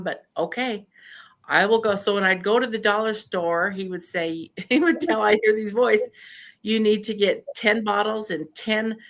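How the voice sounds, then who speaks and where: An older woman from Idaho, a podcast guest, telling stories in casual chat, animated, acting out what people said and laughing often. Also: medium pitch. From Idaho, USA. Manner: animated storyteller who laughs often and acts out quotes. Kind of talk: casual storytelling interview.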